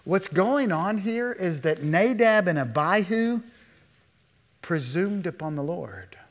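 Man, pastor, sermon, animated, rhetorical questions, acts out quotes, slightly high pitch, echoing church hall. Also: takes it slowly. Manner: animated preacher with rhetorical questions, voicing imagined speakers. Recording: long hall reverb.

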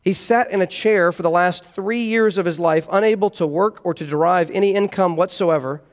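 A man's voice: sits high, moderate pace, long reverb tail. A man preaching an expository sermon, earnestly explaining scripture verse by verse. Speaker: pastor.

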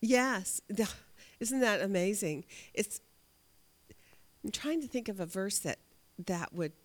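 With a medium-pitched, expressive voice, a woman takes her time leading an interactive Bible study. She questions her class, answers herself, and tends to repeat words as she thinks aloud.

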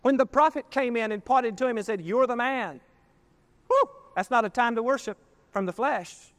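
A male pastor preaching a sermon, emphatic, with drawn-out words, loud swells and folksy asides. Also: extremely high pitch. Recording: archival 1992 sermon recording.

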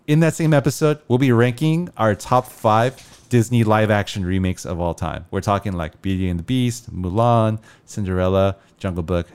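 A man hosting a casual movie podcast, upbeat and running through show announcements briskly. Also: low-pitched, darkish tone, clean tone. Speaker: podcast host.

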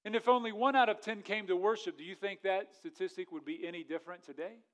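Male pastor, somewhat higher voice, sermon delivery with big dynamic swings and scripture reading. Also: fairly even intonation, fast. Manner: preaching with rising intensity, then dropping quiet; reads scripture aloud in old-fashioned wording.

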